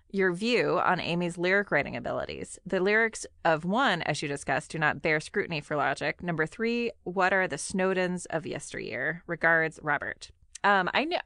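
A woman in her thirties co-hosts a podcast, chatting casually and laughing often. Her voice is fairly low with a slight brightness, recorded in clean studio sound with no echo.

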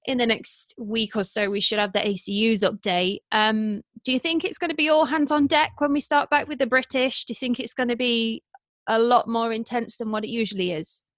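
A woman's voice: fairly high pitch, brisk, no room sound. Woman podcast host, dry close sound. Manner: brief encouraging backchannels, relaxed questions. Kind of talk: casual podcast interview.

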